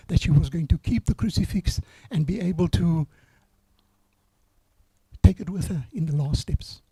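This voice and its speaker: Older man, hoarse, mellow dark tone, dry close sound, earnest halting eulogy. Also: fairly high pitch, dry recording. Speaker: grandfather giving a eulogy. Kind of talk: memorial eulogy. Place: memorial service.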